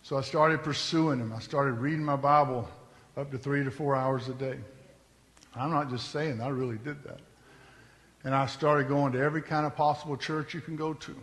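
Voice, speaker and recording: A man's voice: medium pitch, fairly even intonation, normal speed, a bit bright, in a large hall. A man telling his testimony from the pulpit in an earnest, conversational storytelling manner. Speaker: preacher giving his testimony.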